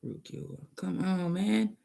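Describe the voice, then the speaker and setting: A man's voice: high-pitched, moderate pace, gravelly, dark tone. A man rambling and cursing in a casual monologue, arguing back and forth with himself. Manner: profane, rambling, argues with himself.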